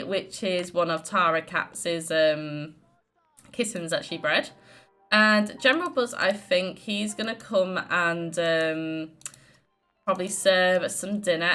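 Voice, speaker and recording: A woman's voice: lowish voice, fairly bright tone. A young woman giving casual, giggly gameplay commentary as a let's play host. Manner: chatty, giggly, lots of fillers. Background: faint game music.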